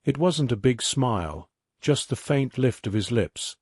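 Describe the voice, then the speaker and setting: A man narrating a scripted dramatic story in a steady, even delivery. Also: mid-range voice, a little slow, slightly rough, dry recording, clean studio sound.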